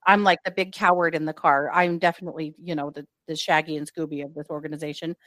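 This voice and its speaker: A woman's voice: sits low, fast, dry recording, studio quality. A woman co-hosting a true crime podcast, telling a story in casual chat and acting out what people said. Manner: lively retelling with acted-out quotes.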